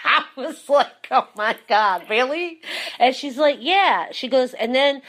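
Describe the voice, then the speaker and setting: Female host with a fairly high voice; lively anecdote-teller who laughs often. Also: unhurried. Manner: animated storyteller, laughs often. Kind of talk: casual chat.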